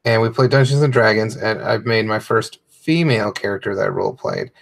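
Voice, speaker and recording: Low gravelly man chatting casually. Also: fairly quick. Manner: loose and profane, heavy with fillers. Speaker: comedian streaming while coloring. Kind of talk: casual rambling chat.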